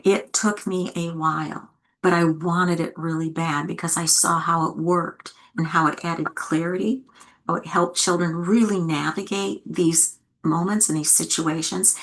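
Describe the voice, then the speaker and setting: A woman's voice: lowish voice, a bit bright. A middle-aged woman giving a talk to early childhood educators, earnestly acting out what adults and children say. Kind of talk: teaching talk with acted examples.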